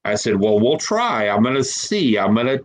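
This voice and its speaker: A man as an interview guest telling a personal story, emotional and halting, repeating words as he holds back tears. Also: mid-range voice, very animated, poor audio. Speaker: guest paranormal investigator.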